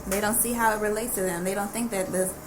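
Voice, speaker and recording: A woman's voice: mid-range voice, fairly even intonation, quick pace, music in the background. A woman from Dallas with a Southern accent, a podcast guest who talks bluntly and emphatically and swears freely. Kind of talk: casual podcast chat. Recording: noisy studio room.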